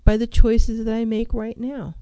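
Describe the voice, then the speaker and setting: Mellow-voiced woman counselor, emphatic. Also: fairly high pitch, flat delivery, normal speed, no room sound, low-quality recording. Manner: emphatic, repeats key phrases, asks rhetorical questions. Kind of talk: motivational talk on mental health.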